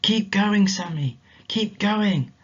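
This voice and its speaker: A man's voice: high-pitched, takes it slowly, husky, highs cut off, pitched above the performer's own voice, exaggerated voice. Man doing a mysterious encouraging voice. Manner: repetitive, coaxing, urgent encouragement. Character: mysterious faint encouraging voice, gentle and insistent.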